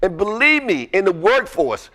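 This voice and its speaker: A man's voice: sits high, big pitch swings, normal speed, pushed and bright. A man giving an interactive motivational lecture, energetically quizzing the audience with fill-in questions. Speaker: workshop presenter.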